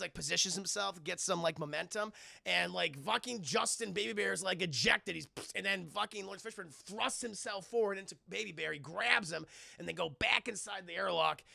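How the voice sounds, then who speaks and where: Man, streamer, casual profane recap, bright tense voice, dry sound. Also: high voice, vocal fry, dry recording. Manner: rambling, profane, laughing, acts out scenes. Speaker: streamer reviewing a film. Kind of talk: casual livestream chat.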